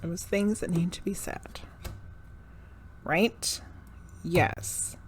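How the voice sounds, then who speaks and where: A woman's voice: fairly low pitch, fairly even intonation, takes it slowly, slight background noise. A woman giving tarot readings on a live stream, frank and profane, ranting and then laughing at herself. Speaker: medium and tarot reader.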